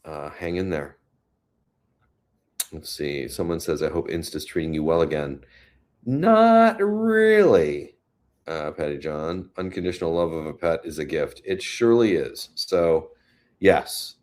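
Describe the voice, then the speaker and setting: A man's voice: rumbling low, normal speed, darkish tone. A man hosting a casual livestream from home, chatting and reading viewer comments aloud. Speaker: livestream host. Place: home, New York City.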